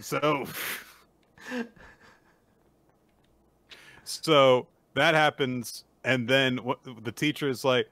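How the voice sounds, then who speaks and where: A young man co-hosting a casual manga recap podcast, animated, often laughing and bursting into excited quoted voices. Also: mid-range voice, very slow, long pauses, no echo. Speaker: podcast co-host.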